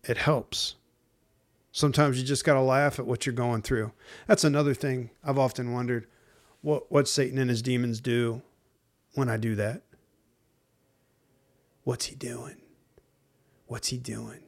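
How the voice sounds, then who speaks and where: A man's voice: mid-range voice, steady tone, normal speed. Casual, down-to-earth male preacher. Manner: conversational, uses slang like dude and man; acts out inner voices in hushed asides. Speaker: pastor. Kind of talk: casual sermon.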